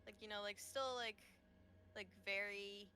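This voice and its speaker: A woman's voice: medium pitch, steady tone, measured pace, bright, forceful tone, slight background noise. A woman playing in a tabletop game, chatting casually and hesitantly, full of filler words. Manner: rambling, hesitant, heavy use of filler words. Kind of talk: casual chat.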